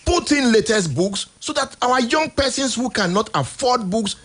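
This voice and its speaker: Nigerian guy ranting on radio, high lively voice, bit husky, keeps asking why. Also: moderate pace. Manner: emphatic, rhetorical, exasperated. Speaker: radio show host. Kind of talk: impassioned on-air commentary. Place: radio studio.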